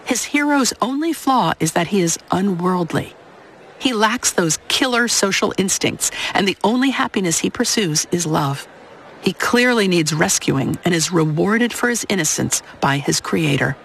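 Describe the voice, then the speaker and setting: A woman hosting a radio program, giving thoughtful, measured scripted commentary. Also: lowish voice, lively intonation, creaky, fairly bright tone, slight background noise. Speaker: radio host.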